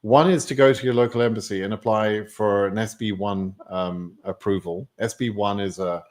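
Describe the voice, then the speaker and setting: A man's voice: on the low side, steady tone, normal speed. A man with an English accent answering viewer questions on a live stream, in a chatty way with many fillers. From England.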